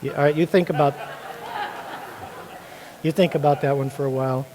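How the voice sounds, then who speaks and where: A male pastor from Indiana preaches a sermon in a chatty, joking, storytelling way, often putting questions to the room. His fairly high voice has a dark tone, fairly even intonation, and a moderate pace. A long reverb, as in a large hall, covers everything, with a faint crowd present.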